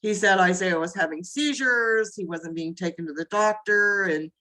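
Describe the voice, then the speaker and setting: An older woman telling her family's story as a guest, in slow, earnest testimony. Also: lowish voice, bright, forceful tone, poor audio. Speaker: guest, mother. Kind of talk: emotional personal testimony.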